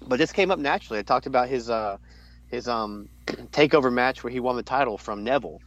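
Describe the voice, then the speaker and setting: A man's voice: brisk, dull audio. A man co-hosting a casual wrestling podcast, rambling with many restarts. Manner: rambling, restarts often, jumps into high voice to quote. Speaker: podcast co-host.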